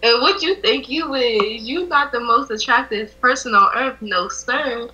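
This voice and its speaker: A woman's voice: a little high, unhurried, bright, forceful tone, lo-fi sound. A woman from the US East Coast chatting with a stranger on video chat, laid-back and answering drily with short replies. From East Coast of the United States. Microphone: remote video chat audio.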